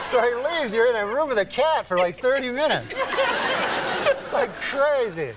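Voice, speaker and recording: Deadpan man rambling through a story. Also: sits high. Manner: deadpan, halting, filler-heavy storytelling. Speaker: talk show guest. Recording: noisy studio with audience laughter. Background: studio audience laughing.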